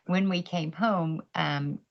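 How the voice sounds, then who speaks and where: This woman talks slowly in a lowish, creaky voice, and the sound is lo-fi. Appearing on a podcast via video call, she speaks frankly about her faith-filled story, laughing often and voicing other characters.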